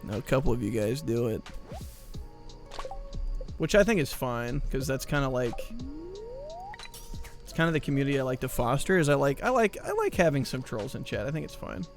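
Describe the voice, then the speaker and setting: A man's voice: mid-range voice, sing-song, normal speed, pauses often, faint music behind. A man streaming live, chatting with his viewers in a rambling, joking, mock-exasperated way. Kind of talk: casual chat with viewers.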